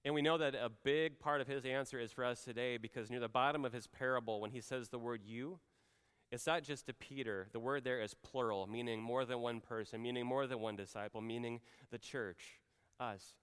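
A man preaching a sermon as pastor, conversational, often slowing and dropping to a quiet voice for emphasis. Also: mid-range voice, fairly even intonation, smooth, in a large hall. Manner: conversational, drops soft and slow for emphasis.

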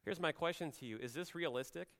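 Pastor guy giving a sermon, smooth clear voice, chatty, goes quiet and slow on the big points. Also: a little high, in a large hall. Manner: conversational, drops soft and slow for emphasis.

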